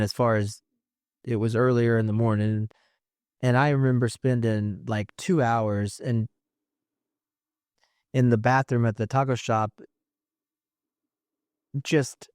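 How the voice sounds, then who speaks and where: A man hosting a podcast, telling a personal story in a halting way, often restarting his thoughts. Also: mid-range voice, darkish tone, clear, resonant tone, dry recording, clean studio sound. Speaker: podcast host.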